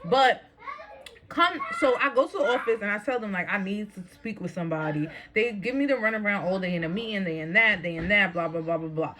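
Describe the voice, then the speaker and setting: A woman telling a story on her vlog in a fast, animated, profane rant, laughing between lines. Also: medium pitch. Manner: talking fast.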